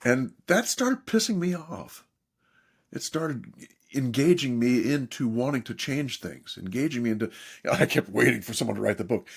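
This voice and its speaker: Husky, animated older man telling stories. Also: medium pitch, normal speed. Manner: animated, emphatic storyteller, mimics others in quotes. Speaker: therapist and author guest. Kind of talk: podcast interview, storytelling.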